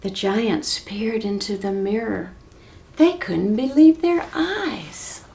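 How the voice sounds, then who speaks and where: A woman telling a children's story for a library reading program, slow and expressive. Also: mid-range voice. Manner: slow, expressive, clearly paced.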